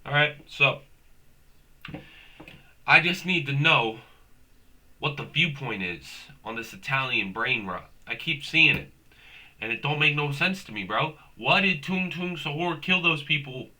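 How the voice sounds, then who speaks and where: A man's voice: fairly high pitch, lively intonation, a little slow, long pauses, bright, forceful tone. A young man hosting a comedic rant, rambling and profane, tossing in "bro" constantly. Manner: profane, rambling, slangy, says "bro" a lot. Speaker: host.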